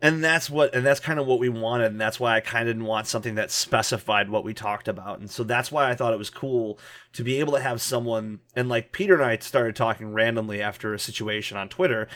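A man's voice: medium pitch, a little fast, fairly bright tone. A man co-hosting a podcast, talking loosely with lots of fillers. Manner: loose, filler-heavy, many "like"s. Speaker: podcast co-host. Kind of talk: casual podcast chat.

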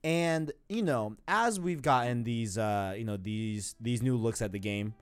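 A man's voice: medium pitch, measured pace, clean tone, no echo, soft background music. A man in his twenties with a New York accent, hosting a podcast in a rambling, slangy, casual way. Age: 20s. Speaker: podcast host. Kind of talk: casual chat.

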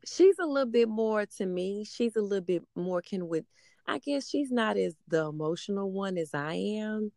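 A woman's voice: medium pitch, lively intonation, moderate pace, darkish tone, no echo, clean studio sound. A woman in her thirties, a mother, talking casually and rambling with many fillers. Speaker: mother of a middle-school daughter. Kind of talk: casual conversation.

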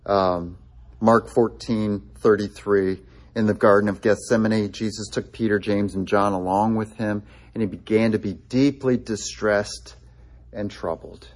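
A man's voice: lowish voice, fairly even intonation, measured pace, a little mellow. A man preaching a sermon in a conversational way, with frequent fillers and restarts, quoting scripture with feeling. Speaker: pastor.

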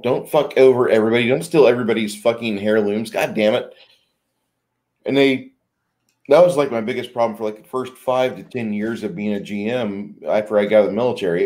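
A man's voice: lowish voice, darkish tone. A man co-hosting a casual chat about tabletop games, blunt and rambling, swearing freely as he talks. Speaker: game master, podcast co-host.

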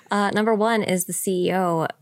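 A woman's voice: medium pitch, dry recording, clean studio sound. A woman co-hosting a podcast, chatting casually and reading the news in a playful way, often laughing. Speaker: podcast co-host.

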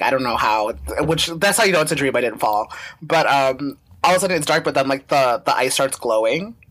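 A woman's voice: rumbling low, a bit bright, slight background noise. Sex: woman. Role: podcast co-host. Style: casual chat. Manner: rambling, filler-heavy. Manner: rambling, with many fillers and frequent laughter.

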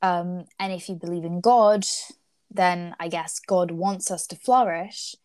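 Young woman co-host, slow and deliberate, hesitant casual study chat, dry close sound. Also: lowish voice, fairly even intonation, a little mellow, smooth, no room sound. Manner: thoughtful, hesitant with frequent fillers. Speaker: co-host discussing ethics.

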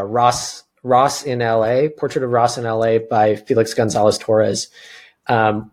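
A man's voice: lowish voice, darkish tone. A man hosting a podcast. He talks earnestly and casually, with many restarts and fillers. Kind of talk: casual conversation.

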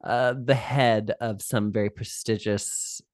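A woman with a slow, bass voice co-hosts a podcast, casually reviewing a movie in clean, echo-free studio sound. She's animated, laughing often and acting out quotes from the film.

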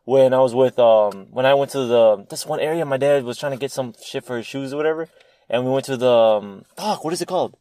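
A man's voice: mid-range voice, a little fast, dark tone, no echo. A young man in casual chat with friends, rambling with lots of restarts and fillers.

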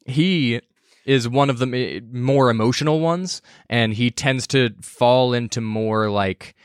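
A man's voice: medium pitch, slow pace, smooth, no room sound, clean studio sound. A man in casual chat, talking hesitantly with many fillers. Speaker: podcast cohost.

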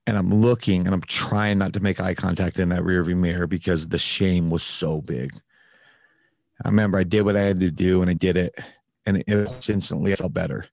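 A man's voice: deep voice, steady tone, brisk, gravelly, a little mellow, dry recording, studio quality. A man telling a candid personal story in casual conversation, with frequent fillers and some swearing. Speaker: podcast host, guest telling his recovery story.

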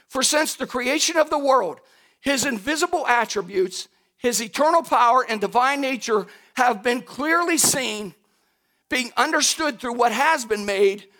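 A middle-aged pastor preaching a sermon in a folksy, animated way, talking straight to his congregation and rising to shouts at his high points. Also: vocal fry. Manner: folksy, addresses the congregation directly.

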